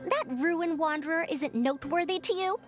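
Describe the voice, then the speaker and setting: An actress playing a proud, sharp-minded female scholar of old machines in a video game, measured, confident and a bit formal. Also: very high voice, music in the background. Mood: curious.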